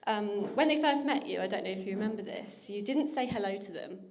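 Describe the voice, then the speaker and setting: A woman's voice: mid-range voice, expressive, brisk. A young woman, the bride's older sister, giving a teasing, affectionate wedding speech and laughing often. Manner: warm teasing, laughing often, getting emotional. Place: wedding reception hall.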